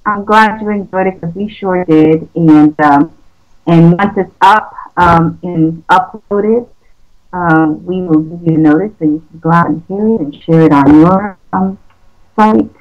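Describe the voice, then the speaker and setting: A woman's voice: lowish voice, unhurried, highs cut off. Effusive woman hosting an interview. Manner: effusive, laughs often. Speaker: interview host. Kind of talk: casual chat.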